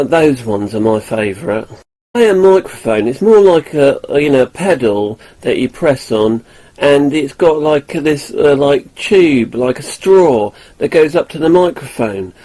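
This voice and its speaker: A man's voice: mid-range voice, warm tone, low-quality recording. A man vlogging casually, chatting in a jokey, eager way. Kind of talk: casual vlog talk to camera.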